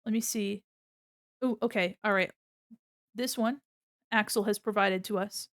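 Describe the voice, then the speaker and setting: A woman's voice: a little high, measured pace, long pauses, fairly bright tone, no echo, studio quality. A woman hosting a stream who chats casually and rambles, distracted while she beads small crafts. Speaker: streamer host.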